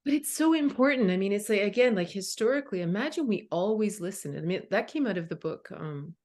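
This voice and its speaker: Animated, emphatic woman in conversation. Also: medium pitch, a little fast. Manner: animated, emphatic, acts out inner voices. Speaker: guest, spiritual teacher. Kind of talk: casual conversation.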